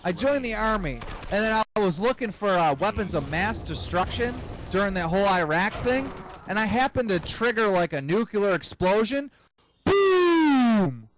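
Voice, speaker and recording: A young man telling a long, crude, rambling comic story, acting out the other characters in quick voices. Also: expressive, fairly bright tone, a little hiss or hum, low-quality recording. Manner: profane, acts out characters in quick high voices. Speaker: comedic storyteller.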